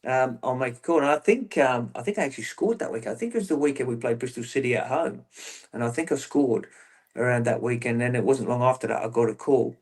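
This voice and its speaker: A man being interviewed about his playing days. He talks in a rambling way, restarting phrases as he goes, in an easy, conversational voice at an ordinary pitch. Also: expressive, fast. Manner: rambling, self-interrupting storyteller. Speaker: guest, former footballer. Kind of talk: casual interview chat.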